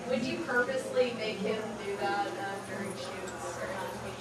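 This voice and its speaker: A woman fan in the audience, excitable, asking a question at a convention panel. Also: mid-range voice, normal speed. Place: large convention hall. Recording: echoey hall, far off, crowd behind.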